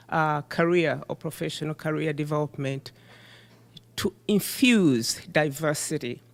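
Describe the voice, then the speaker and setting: A middle-aged woman who is not a native English speaker, giving an animated, emphatic conference keynote. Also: low-pitched, gravelly. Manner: animated, emphatic, self-deprecating. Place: conference hall. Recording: reverberant hall.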